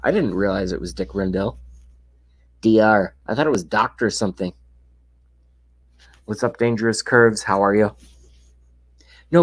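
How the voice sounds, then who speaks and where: A man's voice: fairly low pitch, low-quality recording. A man hosting a casual live-streamed rant, talking to his chat, sarcastic and profane, sometimes dropping into a whisper. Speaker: livestream host. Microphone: webcam mic.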